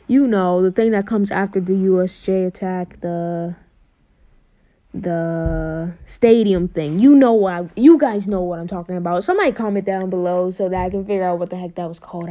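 A young woman casually retelling a fan what-if story in a mellow, warm voice. She rambles, restarts and fills pauses with ums as she goes. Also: on the low side, steady tone. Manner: rambling, with many fillers and restarts.

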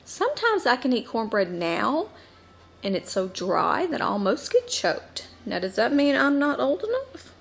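A woman's voice: fairly high pitch, huge pitch swings, measured pace, gravelly. A woman in her thirties from the Southern United States with a Southern US accent, chatting casually to the camera at home as a mom vlogger, rambling with lots of ums and asides.

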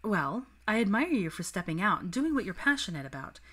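A woman's voice: very animated, fairly quick, fairly bright tone. A woman voicing an earnest, eager young witch who speaks sincerely. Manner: sincere, eager, rising to a squeak.

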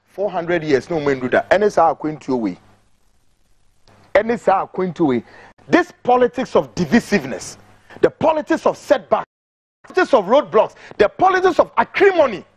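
Ghanaian guy ranting about politics, high husky voice, jumps all over, keeps repeating himself. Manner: emphatic, repetitive, switching between English and Twi. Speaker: political commentator. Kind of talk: impassioned political commentary.

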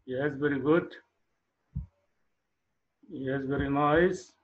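Slow-spoken male teacher. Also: mid-range voice, fairly even intonation, lo-fi sound, a little hiss or hum. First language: Arabic. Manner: slow, encouraging, repeats praise, non-native English phrasing. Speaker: math teacher. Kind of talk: classroom math lesson.

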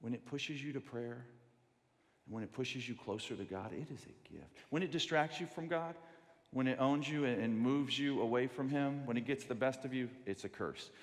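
A man preaching a sermon, telling stories in a lively way and acting out the voices of the people in them. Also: mid-range voice, moderate pace. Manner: animated storytelling, acts out quoted voices. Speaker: pastor. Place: large church sanctuary. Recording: long reverb of a large church hall.

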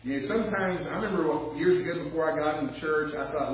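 Male pastor, fairly high voice, folksy storytelling sermon, recorded from far back in a very echoey church with dull sound. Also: a little hiss or hum. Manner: conversational preaching with personal stories, drawling slow emphasis.

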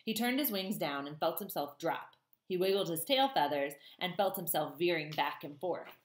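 Teacher, woman, low voice, chatty storytime read-aloud, roomy echo. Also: animated, moderate pace. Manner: warm, chatty, many ums. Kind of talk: reading a children's novel aloud and chatting to students.

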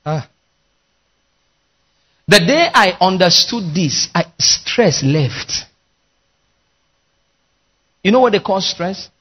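A man preaches with a raised, husky voice. He works as a pastor, leading his congregation through call-and-response lines. His delivery is emphatic. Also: sits high, lively intonation, extremely slow, long pauses, muffled recording. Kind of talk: sermon.

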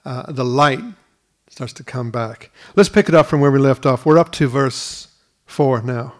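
Male pastor, middle pitch, earnest sermon delivery with frequent restarts. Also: unhurried. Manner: earnest, repeats words at restarts. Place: school hall used for church.

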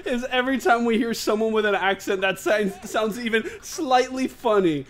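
A man's voice: high voice, moderate pace. A young man co-hosting a let's play, giggly and swearing constantly in casual chat. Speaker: gaming channel co-host.

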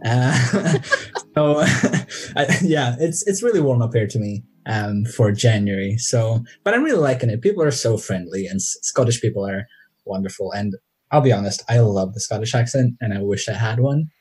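A man's voice: mid-range voice, animated, normal speed, a little mellow, breathy edge. A man, a podcast guest who talks modestly and self-deprecatingly, with nervous laughs. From Sweden. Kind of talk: casual interview chat.

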